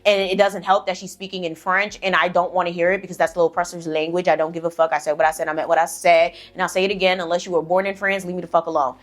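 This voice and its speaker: A woman's voice: lowish voice, fast talker, few pauses. Blunt, profane young woman vlogger. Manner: blunt, profane and sassy, with animated asides. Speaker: vlogger telling a story. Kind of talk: casual storytime chat.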